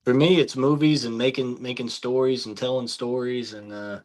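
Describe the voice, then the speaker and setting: A man's voice: medium pitch, steady tone, normal speed, a little mellow. A man being interviewed as a film director, speaking in a laid-back, agreeable way with folksy phrasing. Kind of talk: casual interview chat.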